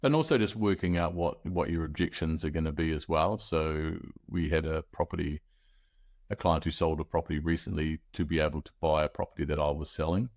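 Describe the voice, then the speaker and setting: A man with a very deep voice talks casually as a guest on a property webinar. His relaxed, agreeable manner comes out in short phrases. The sound over the video call is dry, with no room echo. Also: brisk. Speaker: real estate agent guest. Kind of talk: casual conversation.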